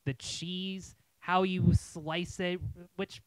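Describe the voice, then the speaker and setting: A man's voice: sits high, flat delivery, extremely slow, recorded from a distance. A man co-hosting a casual chat, enthusiastic and swearing for emphasis. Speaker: podcast co-host.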